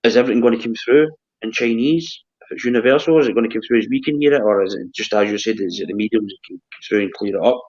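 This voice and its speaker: A low-pitched Scottish man hosts a relaxed chat, stopping and restarting his words often. The recording sounds dull and lo-fi. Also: fast talker, hardly any pauses. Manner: hesitant, repeats words. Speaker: host. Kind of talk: casual chat.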